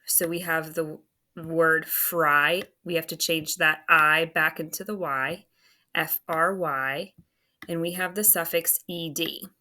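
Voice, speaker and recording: Bright, slow-paced woman teaching phonics. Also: deep voice, fairly even intonation. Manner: patient, spells words letter by letter; self-talk while writing on screen. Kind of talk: phonics lesson walkthrough.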